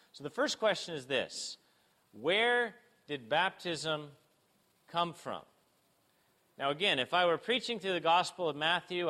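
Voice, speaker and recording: A man delivers an earnest sermon in a fairly high voice. He asks rhetorical questions, pressing some lines hard and letting others drop low and quiet. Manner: earnest preaching with rhetorical questions, swinging between emphatic and hushed. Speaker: pastor.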